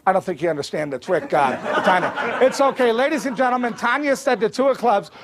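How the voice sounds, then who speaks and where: A man's voice: high-pitched, lively intonation, fast. A man performing as a stage magician, teasing a volunteer with joking banter before a live audience. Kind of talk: live comedy magic show. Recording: live stage with loud crowd noise.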